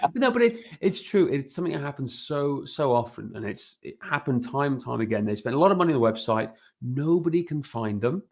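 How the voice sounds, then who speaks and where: A man with a brisk, creaky, mid-range voice and hardly any pauses appears as a business-owner guest in a casual podcast interview. He speaks energetically and keeps tacking "right?" onto his sentences to check in.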